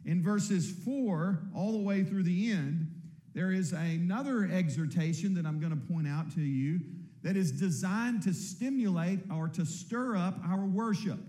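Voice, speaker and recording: A man preaching a sermon, earnest and emphatic, often repeating words and slowing to stress key points. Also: high-pitched, dark tone, reverberant. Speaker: pastor.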